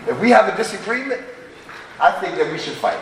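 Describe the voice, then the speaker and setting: A man's voice: sits high, very animated, a little fast, noisy background. A middle-aged man telling raw, profane stories of his past at a twelve-step recovery meeting. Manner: raw, profane, street-talking storyteller. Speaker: speaker sharing at a recovery meeting. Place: large meeting hall. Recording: echoey hall, distant mic.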